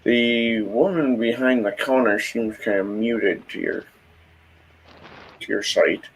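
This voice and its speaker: A man's voice: medium pitch, takes it slowly, slight background noise, poor audio. A man narrating a tabletop game as game master, describing scenes with hesitant fillers.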